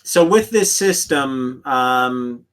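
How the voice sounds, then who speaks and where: A man acting as game master, explaining rules to players with many pauses and restarts. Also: mid-range voice, animated, fairly bright tone, clear, resonant tone. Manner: halting, many ums and restarts. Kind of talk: explaining rules in an online tabletop session.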